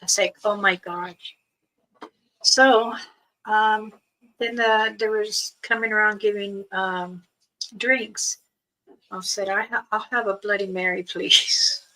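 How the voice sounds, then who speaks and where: A woman's voice: medium pitch, flat delivery, takes it slowly, sharp tone, rough recording. A woman hosting a casual livestream, chatting about a trip with frequent laughs and reading viewer comments aloud. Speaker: livestream host. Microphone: streaming setup.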